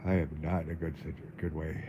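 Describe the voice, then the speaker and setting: Low flat-voiced weary man. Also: highs cut off, noisy background. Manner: halting, repeats words, frustrated. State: weak and dizzy. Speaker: livestreamer. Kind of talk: casual livestream talk. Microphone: phone.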